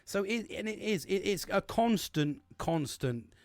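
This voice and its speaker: A man's voice: high voice, animated, a little slow, no room sound, studio quality. A man in his forties, hosting a podcast in a casual solo monologue, rambling and swearing with many restarts. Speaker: podcast host.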